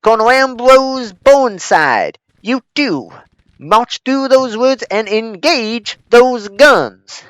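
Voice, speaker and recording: A man putting on a pompous male army commander with a Southern US accent, issuing formal orders in a booming, theatrical way. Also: animated, takes it slowly, a bit bright, clear, resonant tone, no room sound, exaggerated voice. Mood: commanding. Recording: slightly dull lo-fi recording.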